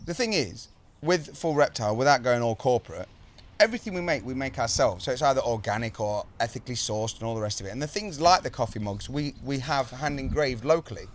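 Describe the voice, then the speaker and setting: A man's voice: mid-range voice, expressive, fast, hardly any pauses. Sweary Birmingham man telling stories. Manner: sweary, storytelling with put-on voices. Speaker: podcast host. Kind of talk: casual chat.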